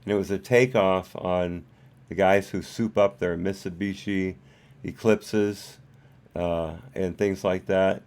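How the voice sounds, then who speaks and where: A low-voiced man hosts a live stream and talks through his commentary in a loose, rambling way. He hesitates often and fills the gaps with ums and uhs. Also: fairly even intonation, takes it slowly, darkish tone. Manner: rambling, hesitant, with many fillers. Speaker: host.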